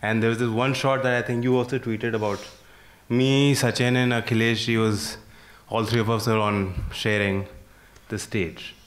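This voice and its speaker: A man with an Indian English accent answers as a party leader on a TV panel. His voice is even and mid-pitched. He stays relaxed, dodges the details and slips in a quick one-liner. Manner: relaxed, evasive, quippy. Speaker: party vice president, panel guest. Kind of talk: panel debate.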